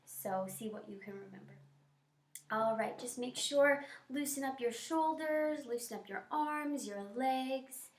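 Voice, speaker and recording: Woman leading choir warmups, echoey room. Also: high-pitched, unhurried, far from the mic. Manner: encouraging, instructive. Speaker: music teacher. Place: school music room.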